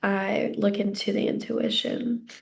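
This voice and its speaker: Young female tarot reader, slightly breathless, gravelly, unhurried and soothing. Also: medium pitch, level tone. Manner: gentle, reassuring, meandering with fillers. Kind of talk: casual psychic reading to camera.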